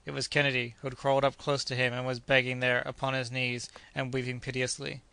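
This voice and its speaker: A man narrating an adventure audiobook in a measured, steady reading. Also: medium pitch, gravelly, clear, resonant tone, no room sound.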